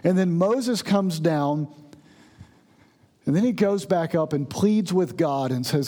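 A man's voice: fairly high pitch, expressive, slow pace, pauses often, mellow. A man preaching a sermon, earnestly explaining and reading scripture verses with emphasis. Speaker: pastor.

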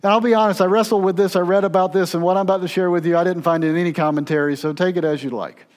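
A high-voiced man delivering a sermon from the pulpit. He moves between loud, urgent stretches and quiet, hushed passages, telling the story with dramatic force. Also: steady tone, rapid-fire. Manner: dramatic, swings between loud intensity and hushed near-whispers. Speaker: pastor.

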